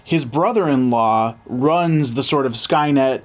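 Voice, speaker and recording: Relaxed man with a mid-range voice. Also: medium pitch, measured pace. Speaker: podcast co-host. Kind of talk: casual chat reviewing movies.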